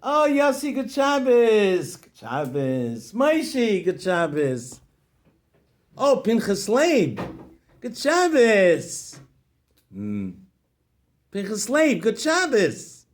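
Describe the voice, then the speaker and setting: A man's voice: sits high, very animated, moderate pace, pitched above the performer's own voice. A man voicing a cheerful, kindly man who is always smiling, with upbeat, friendly greetings.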